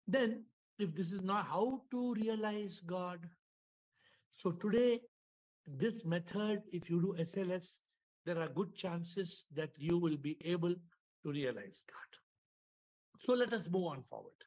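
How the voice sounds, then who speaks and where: High-voiced Indian English spiritual teacher. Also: male voice, animated, unhurried, a little mellow, muffled recording. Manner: storytelling, repetitive, asks the audience questions. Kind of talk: spiritual talk to an online audience. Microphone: video call.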